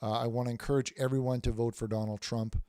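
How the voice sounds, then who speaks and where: A man's voice: medium pitch, level tone, fast, mellow, clear, resonant tone, no echo, clean studio sound. A man hosting a casual livestream, reading viewer messages aloud with many restarts and repeated words. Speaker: livestream host reading chat.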